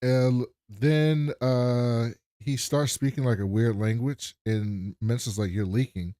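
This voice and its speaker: A man's voice: medium pitch, steady tone, slow, warm tone, clean tone, dry recording, clean studio sound. A man co-hosting a podcast, animatedly retelling an episode and acting out the quotes in a casual chat. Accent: American. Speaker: podcast co-host.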